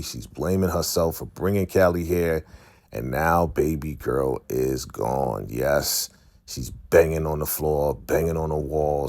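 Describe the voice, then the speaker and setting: A man giving a casual recap of a TV episode, retelling scenes in an animated way and briefly acting out characters' lines. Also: rumbling low, no echo. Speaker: TV recap host.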